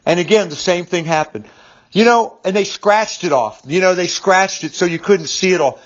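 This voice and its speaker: A man's voice: sits high, normal speed. A man in his fifties telling a personal story in a casual, rambling monologue, repeating words and using lots of fillers. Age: 50s. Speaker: business speaker. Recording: dull lo-fi recording.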